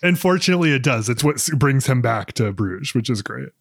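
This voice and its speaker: A man's voice: medium pitch, lively intonation, fairly quick, vocal fry, slightly rough, no room sound, clean studio sound. A man co-hosting a podcast, chatting casually in a wry, easygoing way. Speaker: podcast host. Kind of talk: casual chat.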